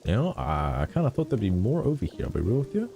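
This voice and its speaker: A young man giving casual gameplay commentary as a streamer, chatty and swearing freely with quick exclamations. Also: medium pitch, huge pitch swings, vocal fry, mellow, faint music behind. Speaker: vtuber streamer.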